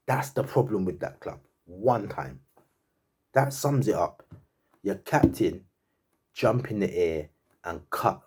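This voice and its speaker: Laughing and disbelieving, a male football fan reacts to a match in a slangy, repetitive rant. His mid-range voice is warm with a breathy edge, very animated, and he keeps a measured pace with frequent pauses.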